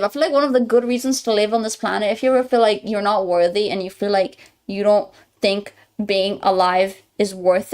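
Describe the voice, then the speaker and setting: A woman streaming live, chatting casually and reading out viewer messages, giggling often, with a non-American English accent. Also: high-pitched. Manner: chatty, giggly, reads chat aloud and greets viewers.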